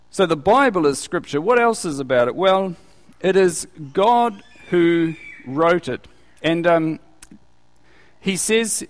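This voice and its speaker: Preacher guy chatting through a bible lesson, keeps asking the room questions, bit high voice, lots of hall echo. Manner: asks the listeners questions. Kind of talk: conversational Bible teaching. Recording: reverberant hall.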